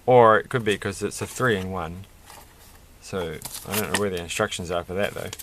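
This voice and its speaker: A man's voice: deep voice, normal speed, background noise. A man rambling through a toy build with self-mocking, off-the-cuff commentary, laughing at his own jokes. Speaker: toy reviewer building a set.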